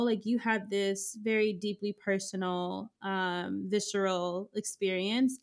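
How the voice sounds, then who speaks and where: A woman hosting a podcast interview, affirming her guest and asking questions in a slow, drawn-out way. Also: mid-range voice, clean tone. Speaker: podcast host. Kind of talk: conversational interview.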